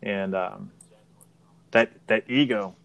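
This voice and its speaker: A man's voice: lowish voice, steady tone, slow pace, vocal fry, a bit bright. Middle-aged male karate sensei, frank and plain-spoken, casual podcast talk. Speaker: martial arts instructor.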